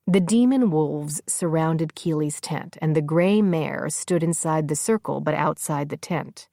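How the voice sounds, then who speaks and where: A woman narrating a fantasy audiobook in measured, even storytelling. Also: low-pitched, creaky, no room sound, clean studio sound. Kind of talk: scripted fiction narration.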